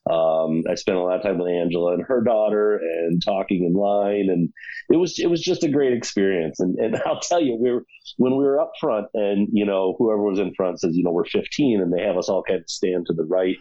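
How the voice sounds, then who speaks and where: A man guest on a podcast roundtable, telling stories in a relaxed way and laughing through lines. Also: deep voice, brisk, highs cut off. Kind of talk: casual roundtable chat.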